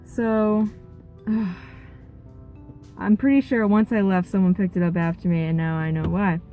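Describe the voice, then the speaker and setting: A young woman vlogger telling a rambling, animated story about a yard sale, with quoted back-and-forth. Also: medium pitch, takes it slowly, soft background music, poor audio. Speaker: gaming vlogger. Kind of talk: casual storytelling vlog.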